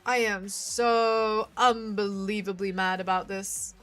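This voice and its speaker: A woman's voice: medium pitch, fairly even intonation, slow pace, a bit bright, clear, resonant tone, faint music behind. A woman doing casual let's-play commentary as a streamer, emphatic and swearing often.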